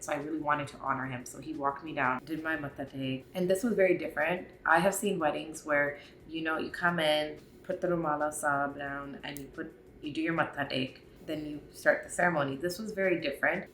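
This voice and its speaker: A young woman tells a storytime recap in a chatty, gushing, emotional way. Her voice sits low for a woman yet sounds bright and forceful. The room around her is echoey, with a faint hum of ambience. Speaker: vlogger.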